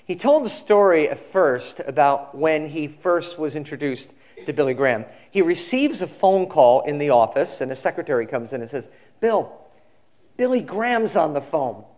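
A male pastor giving a sermon, telling a story in a relaxed conversational way and acting out the quoted people. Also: on the high side, normal speed, hardly any pauses.

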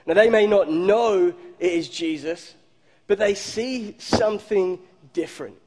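High-voiced male pastor in reverberant hall. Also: darkish tone. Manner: storytelling, slows and drops low for emphasis. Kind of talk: sermon.

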